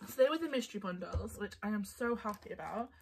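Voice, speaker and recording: Giggly lady gushing over craft papers at home, mid pitch, bit of faint hiss. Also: expressive, fast talker, darkish tone. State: voice getting tired. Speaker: craft vlogger. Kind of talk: casual haul chat.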